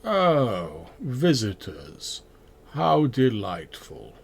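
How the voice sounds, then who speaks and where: A man voicing a slow, old-fashioned male plant dwarf with a moss beard, speaking courteously in a tabletop game. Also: mid-range voice, wildly swooping pitch, gravelly, breathy edge, full character voice.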